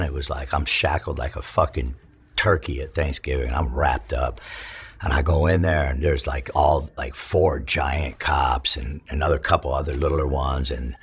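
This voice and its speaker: A middle-aged man from California, telling his story in an interview, profane and halting with many restarts. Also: extremely low pitch, breathy edge. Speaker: interview guest, former prisoner. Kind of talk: emotional storytelling.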